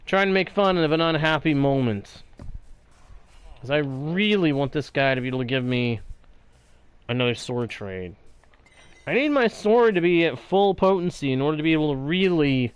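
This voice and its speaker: A man's voice: on the high side, expressive, normal speed, smooth. A man hosting a video game let's play, talking with a theatrical, playful and grumbling manner. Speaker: host.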